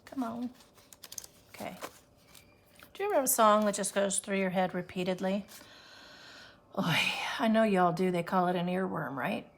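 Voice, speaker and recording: A woman counting cash aloud for a budgeting vlog, often quietly, with self-deprecating remarks between counts. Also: mid-range voice, normal speed, pauses often. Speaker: budgeting vlogger. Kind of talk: casual cash-stuffing vlog.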